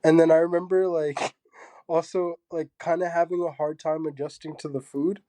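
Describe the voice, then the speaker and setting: A young man from Zambia, a guest artist, talking casually in an interview with a soft, halting manner full of fillers. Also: on the high side, little pitch movement, no room sound.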